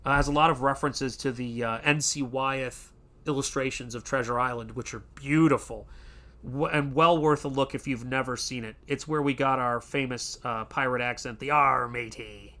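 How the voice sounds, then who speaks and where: Bright-voiced man chatting casually. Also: mid-range voice, fairly even intonation. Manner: rambling, chatty, many fillers and restarts; does quick pirate voices in quotes. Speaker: art channel host. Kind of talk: casual livestream chat.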